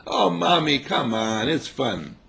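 Guy putting on an eager little kid begging mommy to play, lively and husky. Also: mid-range voice, slow, full character voice. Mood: pleading. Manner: pleading, excited.

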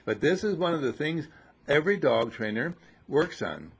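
Male spiritual teacher, gravelly husky voice, lively pitch, teasing and scolding, sermon to disciples. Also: normal speed. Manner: teasing, scolding, mocking laughter.

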